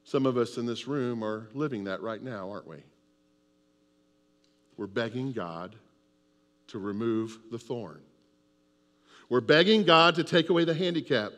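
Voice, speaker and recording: A man's voice: mid-range voice, lively intonation, measured pace, long reverb tail. A man preaching a sermon with an emphatic, repetitive cadence. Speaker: pastor.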